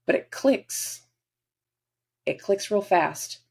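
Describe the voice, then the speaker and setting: A woman's voice: lowish voice, creaky, darkish tone. A woman hosting a casual astrology forecast, rambling and acting out little everyday scenes. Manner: rambling, acts out little scenes in quick voices. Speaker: astrology host.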